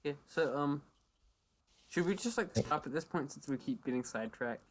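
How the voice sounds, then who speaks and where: A giggly woman with a low voice chatting with friends about their campaign, laughing between remarks. A faint hiss sits under the recording. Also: animated, normal speed. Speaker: player. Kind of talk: casual chat among friends.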